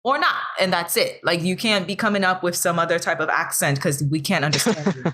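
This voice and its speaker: A fairly low-voiced American woman co-hosting a relaxed podcast conversation. She speaks earnestly and thoughtfully, and picks up energy when she presses a point. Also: fairly quick. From United States. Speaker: podcast co-host. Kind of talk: casual podcast discussion.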